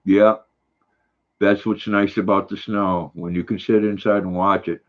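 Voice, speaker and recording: A man's voice: lowish voice, level tone, measured pace. An older man, casually chatting on a livestream and reading out viewer comments in a folksy, rambling way. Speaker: livestream host. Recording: dull lo-fi recording.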